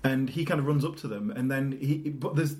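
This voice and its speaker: A man discussing a film in casual chat, calm and analytical, often restarting his sentences. His voice is mid-pitched for a man. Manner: measured, analytical, hesitant restarts.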